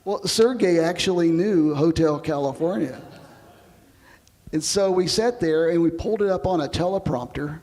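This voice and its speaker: Guy w a gravelly voice, bit high pitched, chatty space story interview, long reverb. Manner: relaxed storytelling, explains with comparisons. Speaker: astronaut interviewee. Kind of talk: oral history interview.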